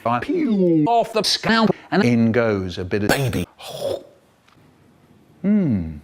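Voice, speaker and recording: Animated older man telling a story. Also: medium pitch, slow. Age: 70s. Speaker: children's poet. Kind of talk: spliced comic storytelling.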